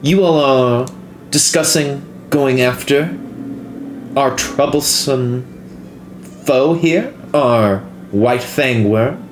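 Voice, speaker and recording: A man's voice: mid-range voice, extremely slow, a little hiss or hum. Give me a formal, ageless elf woman, put on by a male game master, in a roomy space. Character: tall ageless female elf elder.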